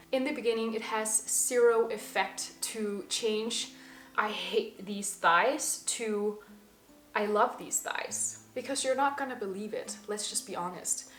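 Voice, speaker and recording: A young woman in her twenties talking to camera in an earnest, emphatic personal monologue. She slows down to stress the words that matter most. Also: medium pitch. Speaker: vlogger. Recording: slightly echoey room with faint music.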